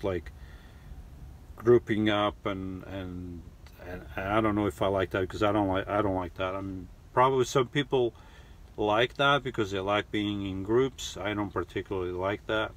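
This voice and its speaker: Rambling middle-aged man, low voice. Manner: rambling, halting, many restarts and fillers. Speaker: live stream host reading chat. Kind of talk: casual live chat. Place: lives in New York.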